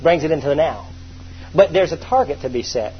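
A man's voice: a little high, animated, a little fast. A man in his thirties preaching a sermon, emphatic and storytelling, repeating his key phrases for effect. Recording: dull lo-fi recording with faint hum.

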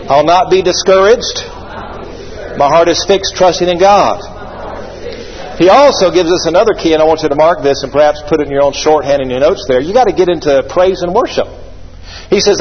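A male pastor, preaching an animated sermon and leading the congregation in call-and-response. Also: high-pitched, breathy edge. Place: church sanctuary. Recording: echoey hall, dull lo-fi sound.

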